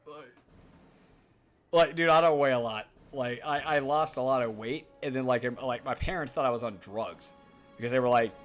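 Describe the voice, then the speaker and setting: A man's voice: medium pitch, moderate pace, fairly bright tone, faint music behind. A man in his thirties chatting casually while streaming a game, rambling, swearing often and talking to his chat. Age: 30s. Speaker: gaming streamer.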